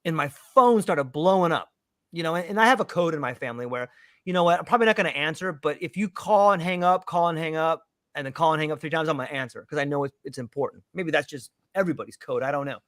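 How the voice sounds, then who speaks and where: A man with a slightly high voice tells a personal story to a panel in casual chat. He is lively and acts out the voices of the people in it. The sound is close and dry. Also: quick pace, no echo. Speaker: panel guest telling a story.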